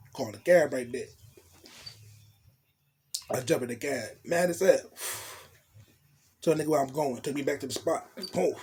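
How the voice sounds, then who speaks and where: A man telling a storytime tale in profane street slang, animated and blunt. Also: mid-range voice, slight background noise. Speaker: storytelling vlogger. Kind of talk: casual storytime monologue.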